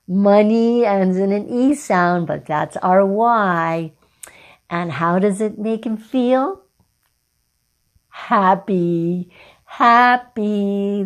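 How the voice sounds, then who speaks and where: A middle-aged woman teaching a children's phonics lesson, talking slowly and clearly and praising the children often. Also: medium pitch. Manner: encouraging, slow and clear, with drawn-out words for children.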